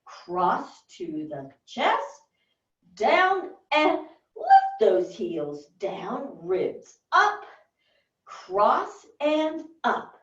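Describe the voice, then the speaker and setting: A woman fitness instructor calls out brief, encouraging cues in a high, lively voice. She paces the counts slowly, and she sounds set back from the mic in a roomy exercise studio with a dull recording. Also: recorded from a distance. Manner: encouraging, gives short counted movement cues. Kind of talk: guided workout cueing.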